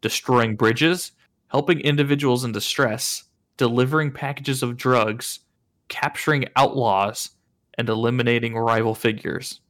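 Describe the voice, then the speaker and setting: A man on a gaming podcast reading quiz clues aloud slowly and teasing the players. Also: medium pitch, steady tone, a bit bright.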